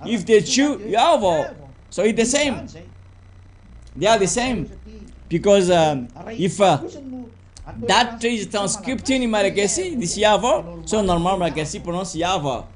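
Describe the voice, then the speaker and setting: A man preaching a teaching sermon in halting English, full of fillers and repeated words. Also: sits high, lively intonation.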